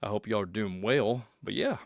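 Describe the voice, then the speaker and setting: A man's voice: lowish voice, moderate pace, gravelly, dry recording, clean studio sound. A man with a Kentucky accent hosting a podcast, reading posts and news aloud in a folksy, rambling way, repeating lines and slipping into preachy asides. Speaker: podcast host.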